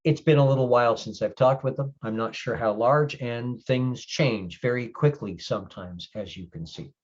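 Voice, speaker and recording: A man playing a gruff, grumpy older male changeling lord who speaks bluntly and swears in halting explanations. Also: medium pitch, muffled recording, close to an everyday voice. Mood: stern.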